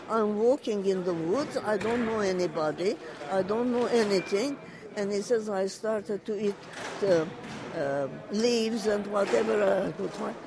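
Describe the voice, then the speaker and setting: A person slowly recounting a family story in an oral history interview, halting, repeating phrases and passing on quoted words. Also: medium pitch, background noise.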